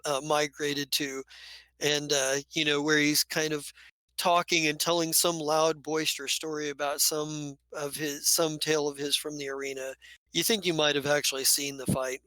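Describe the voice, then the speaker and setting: A man's voice: a little high, flat delivery, normal speed, sharp tone, clear, resonant tone, dry recording. A man acting as game master, narrating a tabletop game in a loose, rambling, descriptive way.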